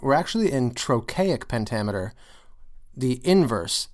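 A man's voice: medium pitch, moderate pace. A man co-hosting a casual theatre podcast, talking about poetry and staging with enthusiasm and jokes. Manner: enthusiastic, animated, jokey. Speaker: podcast co-host.

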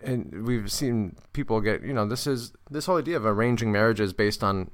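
A man's voice: on the low side, a little fast, no echo. A man co-hosting a podcast, casually retelling a play scene and acting out bits of dialogue. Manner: lively storyteller, acts out quotes. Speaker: podcast co-host. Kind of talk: casual chat.

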